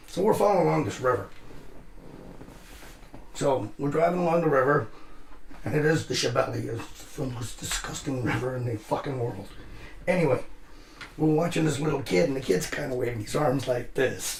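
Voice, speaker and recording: A man's voice: medium pitch, gravelly, reverberant, slight background noise. A man telling a rambling military story in casual chat, swearing constantly and acting out the voices of the people in it. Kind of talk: casual profane war storytelling. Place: live show room.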